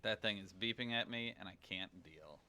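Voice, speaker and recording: A man chatting casually as a game streamer on a livestream, rambling and thinking out loud. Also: on the low side, normal speed, a little hiss or hum. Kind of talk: casual livestream chat while gaming.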